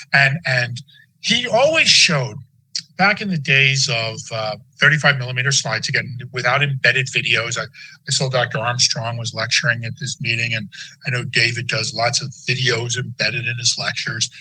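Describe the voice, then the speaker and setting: A man's voice: medium pitch, pushed and bright, breathy edge, poor audio. A man in his sixties giving a conversational medical lecture with folksy, anecdotal asides. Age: 60s.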